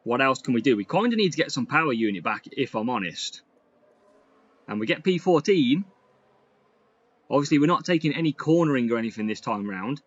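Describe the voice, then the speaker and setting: A man giving lively, excitable commentary over a racing game he is playing. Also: medium pitch, brisk, pauses often, muffled recording. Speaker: gaming YouTuber. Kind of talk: gameplay commentary.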